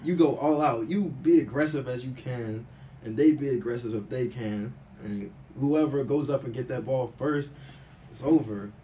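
A man's voice: medium pitch, moderate pace, dark tone, recorded from a distance, rough recording. A young man who plays football, talking eagerly in casual chat. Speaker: football player. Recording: voice off-mic with faint hiss.

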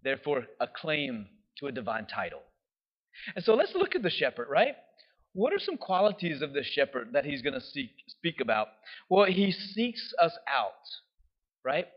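Conversational preacher, keeps asking "right?". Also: male voice, a little high, wildly swooping pitch, normal speed. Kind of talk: sermon. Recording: dull lo-fi sound.

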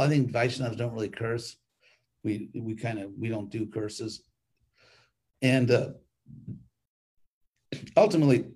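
An older man, a monk, giving an informal weekly class in a rambling, conversational way with frequent restarts. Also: mid-range voice.

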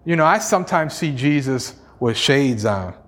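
A man's voice: mid-range voice, expressive, moderate pace, a bit bright, a little hiss or hum. A male pastor preaching a sermon in an emphatic, repetitive style, sprinkled with "you know" and small chuckles.

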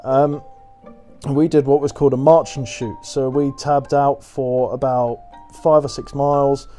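A man's voice: medium pitch, level tone, unhurried, dark tone, soft background music. Sweary young man telling army stories. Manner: rambling, sweary, laughs at own story. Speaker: storyteller. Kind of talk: casual anecdote.

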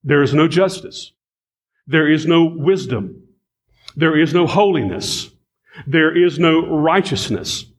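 A man's voice: a little high, animated, takes it slowly, long pauses. A man preaching a sermon, reading scripture and repeating key phrases with emphasis as he addresses the congregation.

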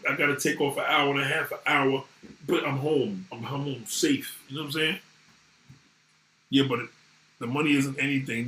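A man ranting casually to viewers, animated and swearing freely. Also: mid-range voice. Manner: animated, swearing, voices others in quotes. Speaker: vlogger talking to viewers. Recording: echoey room.

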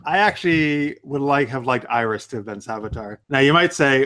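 Male podcast host, mid-pitched, loose and chatty, casual cursing. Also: animated, brisk, bright, forceful tone. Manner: loose and chatty, swears freely.

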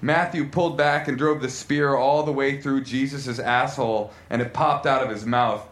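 A man's voice: steady tone, normal speed, a bit bright. A man doing a comic reading of explicit fiction at a live comedy club, voicing the characters' lines dramatically. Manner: reads dramatically, voices characters with raised pitch. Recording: echoey live club room, faint noise.

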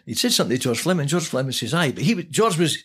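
An older man with a Scottish accent, a podcast guest telling an animated, profane anecdote with frequent laughter. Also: mid-range voice, fast, husky. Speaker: podcast guest, former player. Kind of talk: casual storytelling.

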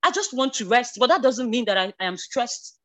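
High, lively-voiced woman giving testimony. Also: fairly quick. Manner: emotional, rising to near-shouted bursts, repeated restarts. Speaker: church member sharing a testimony. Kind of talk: spoken testimony.

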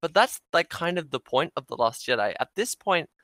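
Australian man with a crisp, bright voice close to a dry mic, thoughtful and filler-heavy. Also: fairly high pitch, animated, brisk, no echo. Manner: thoughtful, uses "like" often. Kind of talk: casual film discussion.

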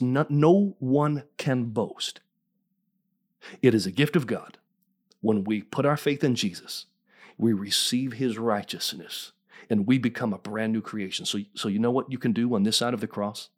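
A man preaching a sermon as pastor, fervent and emphatic, often rising in pitch and throwing questions to the congregation. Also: normal speed. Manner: fervent preaching, rising to near-shouts, call-and-response questions.

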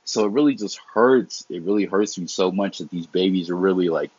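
A man's voice: low-pitched, a little fast, darkish tone, no echo, lo-fi sound. A young man in a heated, profane, rambling monologue, often restarting his sentences. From immigrant family. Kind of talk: casual unscripted monologue.

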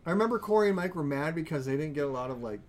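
A man's voice: fairly high pitch, animated, rapid-fire. A man hosting a podcast, telling a long party story in a rambling way and laughing as he goes. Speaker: podcast host. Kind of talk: casual storytelling chat.

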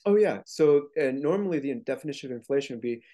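A man's voice: medium pitch, animated, quick pace, warm tone. A man speaking as a guest author in a casual interview, explaining his points earnestly with frequent restarts.

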